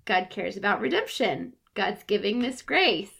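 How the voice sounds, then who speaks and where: A woman's voice: medium pitch, very animated, creaky, fairly bright tone, husky. A woman pastor chatting about scripture on a podcast, agreeing and adding to her co-host's points. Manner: slow, agreeable, laughs along. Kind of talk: casual podcast conversation.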